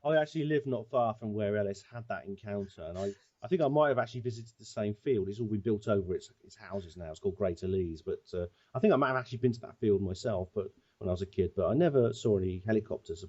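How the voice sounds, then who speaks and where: A man co-hosting a radio show, chatting casually with quick wry asides. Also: on the low side, a little mellow. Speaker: co-host. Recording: dull lo-fi line.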